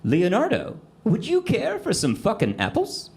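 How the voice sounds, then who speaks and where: A man's voice: high voice, huge pitch swings, measured pace, gravelly, darkish tone, pitched above the performer's own voice, full character voice. A man voicing a little girl who pairs prim, formal phrasing with swearing, recorded live in a club. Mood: mock-polite. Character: bluntly foul-mouthed prim little girl. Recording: live club audio with room noise.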